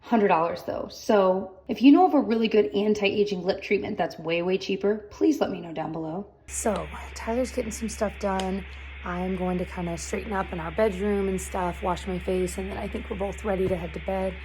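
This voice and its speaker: A woman's voice: medium pitch, normal speed, mellow, faint music behind, rough recording. A young woman chatting casually to camera as a family vlogger, talking loosely with plenty of "like" fillers.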